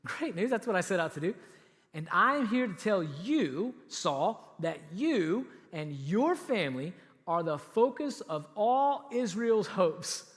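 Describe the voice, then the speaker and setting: A man preaching a sermon as pastor, telling a story in an animated way and acting out what the people in it say. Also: high voice, takes it slowly. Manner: animated storytelling, acts out quoted lines. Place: church auditorium. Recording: reverberant church hall.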